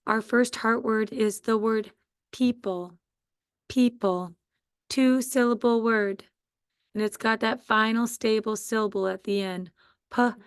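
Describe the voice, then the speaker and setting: Slow, clear-voiced woman teacher. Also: a little high, steady tone, no echo, studio quality. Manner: slow, clear, patient word-by-word dictation. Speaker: first grade teacher. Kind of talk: spelling quiz dictation for young students.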